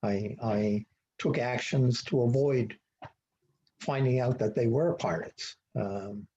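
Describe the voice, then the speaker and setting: A man's voice: medium pitch, takes it slowly, mellow. An older man telling rambling sailing anecdotes in a meetup talk, acting out the dialogue with lots of fillers. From Ottawa, Canada. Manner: rambling storyteller who acts out dialogue, many fillers. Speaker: guest speaker. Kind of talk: anecdotal presentation on an online meetup. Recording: dull lo-fi online call audio.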